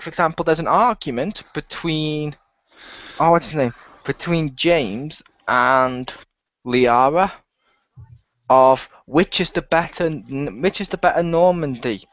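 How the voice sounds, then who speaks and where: A man hosts a gaming podcast and rambles through an animated story, laughing often. His voice sits a little high. The recording is muffled and lo-fi, with a dry room. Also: dry recording. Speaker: podcast host. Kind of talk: casual chat.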